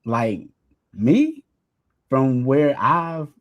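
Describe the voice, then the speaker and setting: A man's voice: medium pitch, big pitch swings, very slow, highs cut off. A man as a guest on a casual interview, talking in an earnest, heartfelt way, a bit emotional. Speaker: guest content creator.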